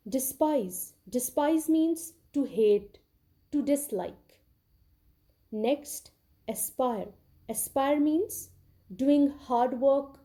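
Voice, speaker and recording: A woman's voice: on the high side, dark tone. A woman giving a recorded English literature lecture, who explains patiently, repeats key words and often checks in with "okay".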